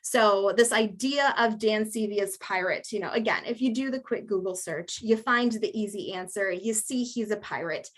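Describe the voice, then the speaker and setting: A woman delivers a public local-history talk with slides at a museum, chatty and amused and using lots of fillers. Her voice is medium-pitched at normal speed, with hardly any pauses.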